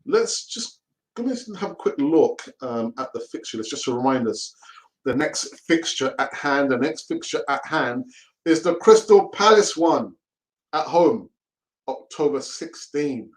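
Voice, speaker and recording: Chatty, laughing football fan host. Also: male voice, a little high, very animated, a little slow, low-quality recording. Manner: chatty and laughing, often repeats himself. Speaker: host of a fan live stream. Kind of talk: casual live-stream chat.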